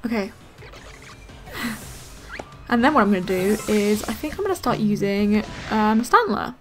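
A young woman giving excitable, gasp-filled commentary while playing a video game and thinking aloud. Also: mid-range voice, a little slow, pauses often. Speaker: gaming let's player. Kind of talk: casual gameplay commentary. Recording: faint game music behind.

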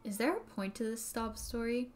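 Defiant boy, quick sarcastic comebacks — a woman voicing him. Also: fairly high pitch, expressive, a little hiss or hum, pitched above the performer's own voice, natural voice. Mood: mocking. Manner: snappy, sarcastic, challenging. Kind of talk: live-streamed game read-aloud.

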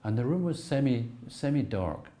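Mellow-voiced man telling a memory. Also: mid-range voice, lively intonation, normal speed. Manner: hesitant, repeats words, drops to soft asides. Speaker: interviewee recalling memories. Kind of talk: reflective storytelling.

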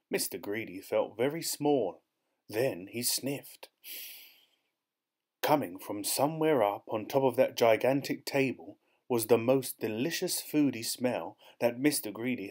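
A man reading a children's picture book aloud in an expressive, playful storyteller way. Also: medium pitch.

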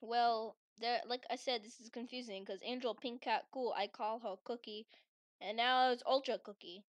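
A woman giving playful, theatrical game commentary with friends, teasing them and swinging into mock-furious shouting. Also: a little high, fairly even intonation, moderate pace, no echo. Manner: teasing, giggly. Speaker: gaming channel host.

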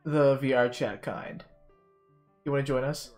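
A man's voice: mid-range voice, steady tone, unhurried, a little mellow, faint music behind. A man in his twenties chatting casually while gaming, joking and laughing often. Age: 20s. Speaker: gamer in a voice chat.

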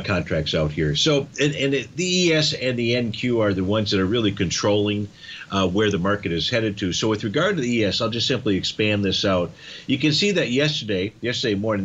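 A man's voice: on the low side, a bit bright, lo-fi sound. A man hosting a trading show, methodically walking through chart levels in live market commentary with frequent fillers.

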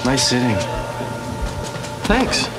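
A man's voice: medium pitch, big pitch swings, drawn-out words, music in the background. An easygoing, friendly teenage boy. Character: friendly teenage boy, Tom's first love.

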